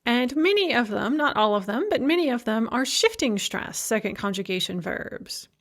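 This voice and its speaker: A woman's voice: on the high side, big pitch swings. Woman lecturer explaining grammar patiently. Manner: explains patiently, slowing down to pronounce example words; light humor. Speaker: Russian language lecturer.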